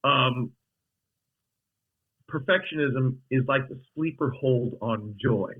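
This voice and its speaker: A man telling stories as a guest on a podcast, in a mid-pitched voice. He talks in a rambling, animated way, often backtracking and repeating words. The sound is a little dull and lo-fi. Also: slow. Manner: rambling, animated, with many restarts and laughs. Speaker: actor guest. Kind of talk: casual interview storytelling.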